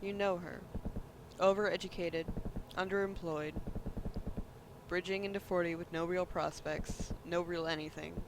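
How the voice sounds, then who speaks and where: A man's voice: high voice, steady tone, unhurried, vocal fry, long pauses, noisy background. A man reading the lines of a scornful male talk-show pundit who lectures in a sneering way.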